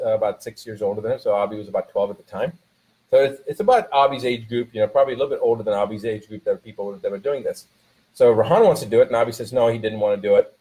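A man's voice: mid-range voice, warm tone, poor audio. A man, a father, talking casually about his son and giving motivational advice with many restarts, growing more emphatic as he coaches.

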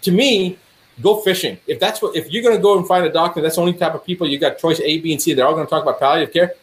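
A man, a doctor, telling stories in conversation, acting out dialogue with a rising voice. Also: very fast. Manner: animated, acts out dialogue with rising pitch. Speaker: doctor guest. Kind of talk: storytelling in conversation.

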